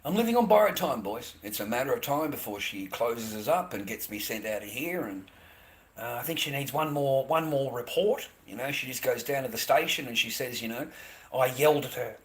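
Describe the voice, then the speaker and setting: A man's voice: mid-range voice, normal speed, fairly bright tone. A middle-aged Australian man in a rambling live-stream monologue, bitter and profane, who keeps repeating himself. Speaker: livestreamer.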